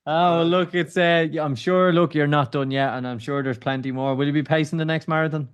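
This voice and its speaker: A man's voice: fairly high pitch, fairly even intonation, a little fast, clean tone. A man hosting a podcast, wrapping up with an enthusiastic thank-you to his guest. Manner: enthusiastic, praising. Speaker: podcast host. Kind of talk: casual chat.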